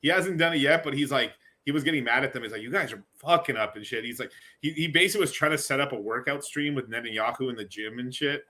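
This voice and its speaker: A man co-hosting a livestream, joking in animated slang and swearing freely. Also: mid-range voice, quick pace, hardly any pauses. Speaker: co-host. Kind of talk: casual livestream banter.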